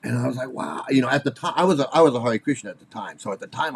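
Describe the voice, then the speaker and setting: A man in his forties giving casual spoken commentary, halting and repeating himself, with nervous laughs, worked up and angry. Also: medium pitch, animated, creaky, a little hiss or hum. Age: 40s.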